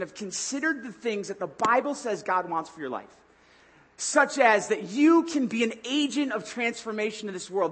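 Husky, high-voiced male pastor. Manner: animated, conversational, acts out his own lines. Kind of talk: sermon with storytelling.

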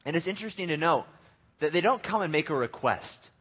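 Husky-voiced man preaching casually. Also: fairly high pitch, lively intonation, brisk, fairly bright tone. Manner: casual, conversational preaching with slang. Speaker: pastor. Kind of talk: sermon.

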